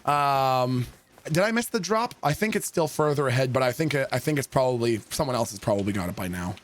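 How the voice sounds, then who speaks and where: A young man streaming a game, telling a story in a loose, animated way and swearing freely. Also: medium pitch, fairly quick. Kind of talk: casual storytelling while gaming.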